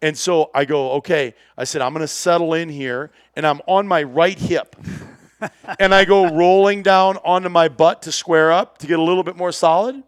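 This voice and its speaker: A man spins a long tale in casual chat, throwing himself into every voice and breaking into laughter along the way. His voice sits a bit high for a man, and the recording is close and dry with no room sound. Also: moderate pace, smooth, no echo. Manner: lively, acts out dialogue, laughs often. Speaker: guest telling a hunting story. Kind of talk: animated storytelling.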